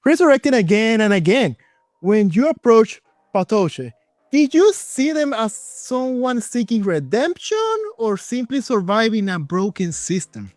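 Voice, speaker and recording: A man's voice: high-pitched, sing-song, measured pace, a little mellow, no echo, clean studio sound. A man with a Spanish accent hosting an interview, enthusiastic and stumbling over names. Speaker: interview host.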